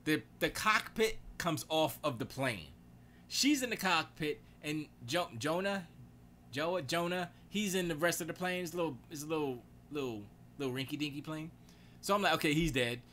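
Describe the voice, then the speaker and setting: Bright-voiced man in slangy, rambling chat. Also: a little high, normal speed, slight background noise. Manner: loose, excitable, slangy rambling. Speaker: live-stream host. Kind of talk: casual gaming and movie chat. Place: home studio.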